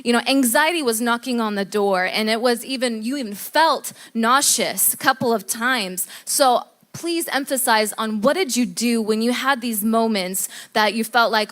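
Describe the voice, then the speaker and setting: A woman's voice: on the high side, moderate pace, hardly any pauses, fairly bright tone. A woman interviewing a guest at church, emphatic and answering with repeated amens.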